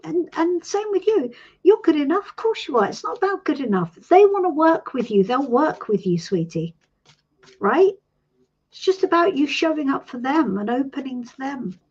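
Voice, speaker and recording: Middle-aged British woman, tarot host; warm, encouraging coaching talk, animated delivery over slightly muffled stream audio. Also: high voice, moderate pace. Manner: warm, reassuring, calls people sweetie. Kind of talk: live-stream coaching chat.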